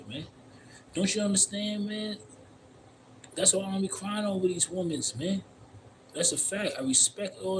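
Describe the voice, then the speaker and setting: A man's voice: sits high, background noise. A man streaming live outdoors, telling a long, blunt, profane story in a loose, rambling way and repeating "you know what I mean" constantly. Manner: blunt, profane street talk. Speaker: livestreamer. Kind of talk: casual livestream monologue. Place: outdoors in the cold.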